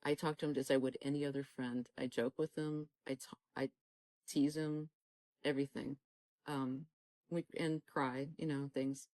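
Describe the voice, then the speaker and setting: A woman's voice: a bass voice, little pitch movement, moderate pace, darkish tone, no echo, low-quality recording. A woman sharing a personal faith testimony in an interview, talking earnestly and urging listeners on, often acting out the dialogue she recalls. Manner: fervent, exhorting, acts out quoted dialogue.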